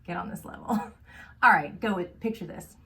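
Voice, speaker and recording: A woman co-hosting a casual book podcast, chatty and animated, laughing often. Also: lowish voice, moderate pace, gravelly. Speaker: podcast co-host.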